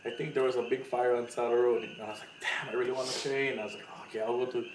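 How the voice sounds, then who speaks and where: A man from Hawaii tells a story in casual chat and acts out the other people in it. His voice sits at a middle pitch and sounds a little distant, in a room with a clear echo and a faint hiss. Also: fast talker. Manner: animated storyteller, acts out quotes with loud laughing voices. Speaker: podcast co-host. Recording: echoey room, mic at a distance, faint noise.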